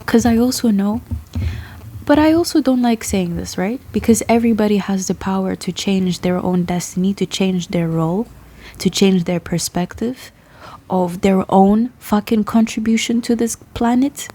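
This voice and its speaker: A woman's voice: mid-range voice, moderate pace, dark tone. A woman, a tarot reader chatting loosely to her viewers, laughing often and swearing casually as her thoughts drift. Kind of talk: rambling casual chat to camera.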